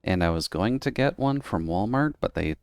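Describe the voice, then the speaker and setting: A man's voice: low-pitched, animated, normal speed, smooth, no echo, studio quality. A man streaming a game, chatting casually in a rambling way and laughing often. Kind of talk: casual chat while gaming.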